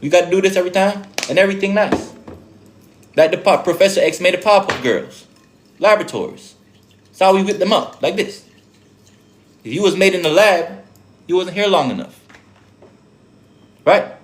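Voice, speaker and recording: A man's voice: high voice, animated, normal speed, long pauses. Preachy, profane man with an accent. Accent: speaks with an accent. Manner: profane, streetwise, full of rhetorical questions. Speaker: spiritual teacher addressing viewers. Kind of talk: preachy casual monologue.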